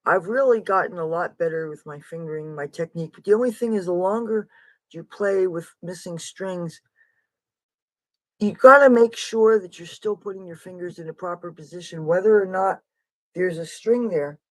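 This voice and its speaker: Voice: mid-range voice, moderate pace, a bit bright, rough recording. An adult livestream host and street guitarist chatting casually in a rambling, digressive way, frank and a little wry, jumping from topic to topic.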